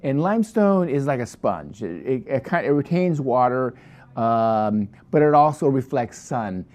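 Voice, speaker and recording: A man's voice: mid-range voice, sing-song, unhurried, darkish tone. A man presenting a wine for his shop in a casual, rambling review full of digressions and restarts.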